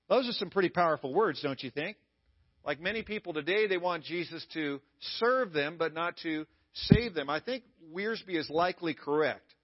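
A man with a high voice preaches a sermon to his church. He keeps it conversational and drops playful asides to the congregation. The sound is dull and lo-fi. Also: expressive, moderate pace. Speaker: pastor. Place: church service.

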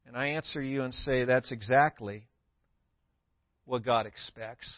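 A man's voice: medium pitch, unhurried, long pauses, dry recording. A man pastor giving a sermon, emphatic and repeating key words for stress. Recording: dull lo-fi sound.

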